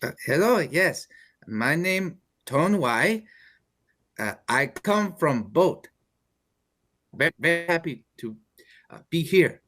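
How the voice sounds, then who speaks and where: A man playing a shy foreign actor auditioning for an ad, speaking slow, halting broken English. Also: fairly high pitch, very animated, fairly bright tone, voice pushed up, full character voice. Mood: earnest.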